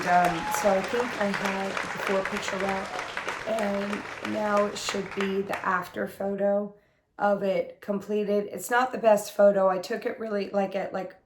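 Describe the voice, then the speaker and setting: A hoarse woman getting over an illness, with a smoky, husky voice, chatting casually as host of her cross-stitch video in her craft room. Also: medium pitch, reverberant, slight background noise. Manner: rambling, chatty, full of fillers. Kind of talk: casual chat to camera.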